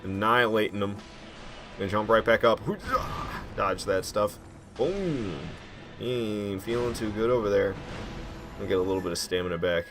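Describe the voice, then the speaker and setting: A man giving casual, excitable commentary while playing a video game, slangy and quick to mock himself. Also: fairly low pitch, over music. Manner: excitable, self-mocking, slangy. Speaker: gaming commentator.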